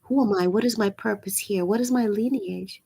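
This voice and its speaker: A woman hosting a live-streamed spiritual talk, with a raspy voice and an earnest, preachy manner that repeats phrases for emphasis. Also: mid-range voice, normal speed, mellow, dry recording. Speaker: channel host.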